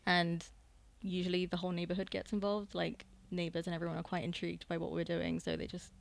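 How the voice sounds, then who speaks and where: A woman from the UK with a British accent, chatting casually as a guest on a podcast, measured and easy-going. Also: on the low side, little pitch movement, creaky. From United Kingdom. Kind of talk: casual chat.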